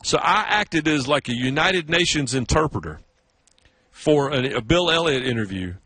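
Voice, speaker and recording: A man's voice: normal speed, husky, dry recording. A middle-aged man from South Carolina with a Southern accent, telling stories as a radio sports host. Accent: Southern American. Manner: animated storyteller, breaks into high mocking voices for others. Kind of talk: casual radio chat.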